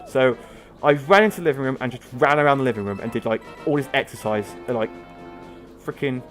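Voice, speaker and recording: A man's voice: mid-range voice, fast talker, soft background music. A young man, chatting in rambling casual let's-play commentary while he plays. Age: young adult. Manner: rambling chatty storytelling, many fillers. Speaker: gaming video host.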